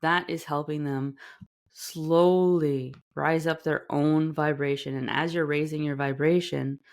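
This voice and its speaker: A woman's voice: sits low, steady tone, measured pace. A woman hosting a self-help podcast, talking earnestly in a casual monologue and acting out little quoted voices. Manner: earnest, talks animatedly, acts out quoted voices. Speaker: podcast host.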